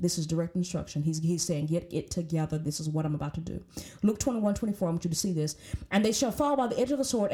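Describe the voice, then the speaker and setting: A woman's voice: a little high, a little mellow. A woman teaching a Bible study, reading scripture aloud and explaining it in an emphatic way, often repeating her words.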